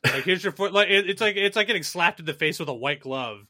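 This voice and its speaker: A man's voice: fairly high pitch, expressive, fast talker, sharp tone. A man co-hosting a podcast, chatting casually and sarcastically, often acting out mock dialogue. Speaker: podcast co-host. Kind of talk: casual comedic political chat.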